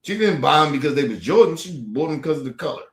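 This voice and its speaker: A man's voice: on the high side, big pitch swings, quick pace. A man streaming commentary, blunt and indignant, with heavy swearing. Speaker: streamer reacting to clips. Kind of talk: casual profane commentary. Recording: roomy echo.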